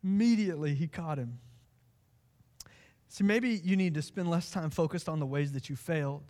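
Impassioned male pastor preaching, slightly high voice. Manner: impassioned, swings from hushed to pleading. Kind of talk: sermon.

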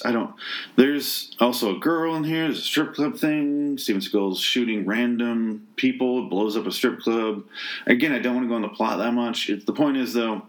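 A man's voice: medium pitch, a bit bright. Sarcastic, exasperated man ranting. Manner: exasperated, sarcastic, swears often, rambling restarts. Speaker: movie reviewer. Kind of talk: casual spoken rant.

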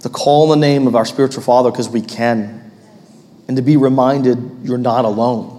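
A man in his thirties preaching a sermon as pastor, animated and rising to loud, emphatic peaks. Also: mid-range voice, moderate pace, in a large hall.

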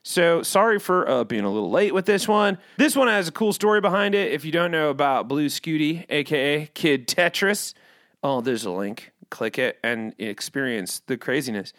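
A man hosts his podcast with a rambling, jokey delivery, and his pitch leaps all over the place. His voice sits a little high for a man. The sound is dry and close, with no room echo. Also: lively intonation, normal speed. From Midwest US. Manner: rambling, jokey, swings between loud outbursts and mumbles. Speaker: podcast host. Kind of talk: casual comedic monologue.

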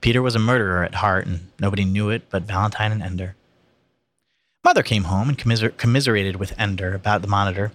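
Casual male reader, low voice, unpolished read-aloud. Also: fast, fairly bright tone. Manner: plain, unpolished, with slips and asides. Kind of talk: casual reading of a novel aloud.

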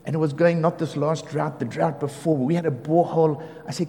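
A man preaching as a pastor, telling lively stories about his neighbours, acting out the quotes and often laughing. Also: on the high side, fairly quick, few pauses. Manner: animated storyteller, acts out quotes, laughs often. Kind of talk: sermon storytelling. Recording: reverberant hall with faint ambience.

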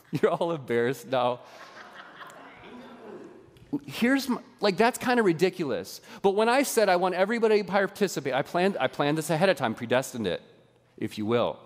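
A man preaches a sermon from the front of a church. His voice sits a little high and rings out with a long hall reverb. He keeps it conversational and animated, checking in with the congregation as he goes. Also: slight background noise. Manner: lively, conversational preaching with audience participation. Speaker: pastor. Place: church sanctuary.

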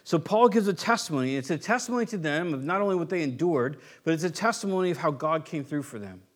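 A man's voice: a little high, animated, fast. A man preaching a conversational sermon as a pastor, acting out quoted voices as he goes.

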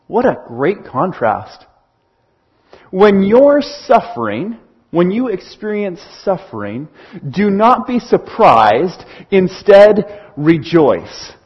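A high-voiced man preaches with a lively, swooping delivery and a husky edge to his voice. He acts out small scenes as he makes his point. The recording sounds dull and lo-fi. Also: takes it slowly. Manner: animated, acts out little scenes. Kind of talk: sermon.

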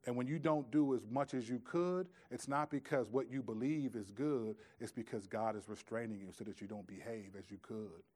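A man preaching a sermon in a conversational way, swinging from loud, pressing emphasis to hushed, quiet asides. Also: mid-range voice, normal speed, few pauses. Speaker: pastor.

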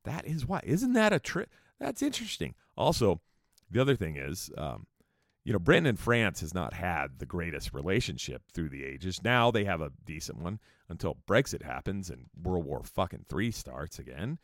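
A man's voice: low-pitched, very animated, normal speed, no echo, studio quality. An American man telling a travel story in a loose, profane, rambling way, breaking off into rants. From United States. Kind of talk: casual storytelling.

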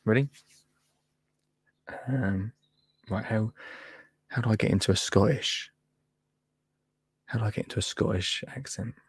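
A man's voice: fairly low pitch, a little slow, long pauses, husky, no echo. A man presenting gardening tips on a live stream in a chatty, easily sidetracked way, laughing often. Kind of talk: casual live chat.

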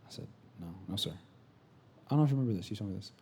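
A man in his thirties, a pastor preaching a sermon in a church, moving between loud exclamations and soft whispered asides. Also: lowish voice, rapid-fire, husky. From California. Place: church sanctuary.

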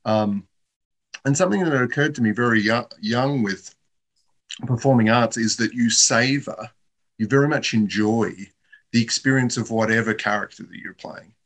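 A man's voice: medium pitch, normal speed, a bit bright. A man in reflective casual conversation, talking in a thoughtful, musing way.

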